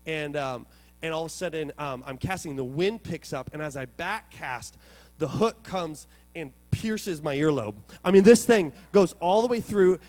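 Telling stories to his congregation with plenty of animation, this pastor preaches in a fairly high voice at a moderate pace. His sermon moves from quiet, reflective moments to bursts of loud excitement.

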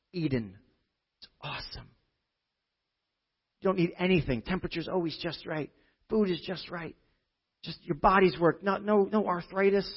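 Conversational preacher, muffled lo-fi recording. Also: male voice, on the high side, breathy edge. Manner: conversational, with frequent rhetorical "right?". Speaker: pastor. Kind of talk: sermon. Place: church service with a congregation.

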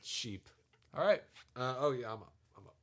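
A man's voice: medium pitch, expressive, normal speed. A young man co-hosting a podcast, chatting casually through a guessing game and laughing often at himself. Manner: laughs often, self-mocking. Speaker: podcast co-host.

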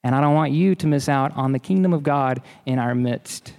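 A man's voice: mid-range voice, normal speed, darkish tone, long reverb tail. A man preaching a sermon in an earnest, emphatic way, often repeating key phrases. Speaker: pastor.

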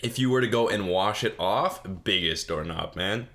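Young male solo podcaster, lowish voice, silly self-mocking rambler, desk mic. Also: normal speed, a bit bright. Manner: goofy, self-mocking, laughs at own jokes; mock-sobbing bit, put-on crying. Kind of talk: rambling solo comedy chat.

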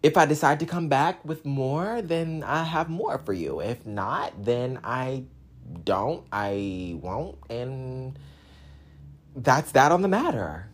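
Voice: mid-range voice, lively intonation, takes it slowly. A vlogger in casual, sassy chat to camera, rambling and teasing the audience, with bits of singing. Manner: breaks into snatches of song.

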